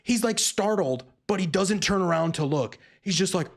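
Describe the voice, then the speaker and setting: A profane, sarcastic movie reviewer rants casually, jumping between flat grumbles and animated outbursts. The voice sits in a middle pitch that swoops widely. Characters get acted out mid-rant. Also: moderate pace. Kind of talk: casual ranting film review.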